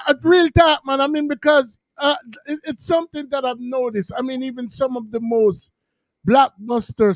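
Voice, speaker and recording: Man podcast host with a very high voice and short affirmations. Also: dry recording. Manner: agreeable, brief affirmations. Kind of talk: casual chat.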